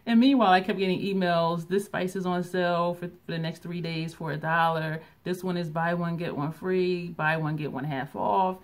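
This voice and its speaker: A middle-aged woman chatting casually through a shopping haul vlog, laughing often and thinking aloud. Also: fairly low pitch. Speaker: beauty vlogger.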